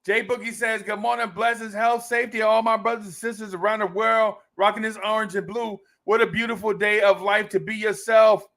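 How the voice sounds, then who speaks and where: A high-pitched, slightly bright male voice moves briskly with a steady tone and few pauses. He hosts a casual fan live stream, reading comments aloud in a playful way, laughing often and repeating his own phrases.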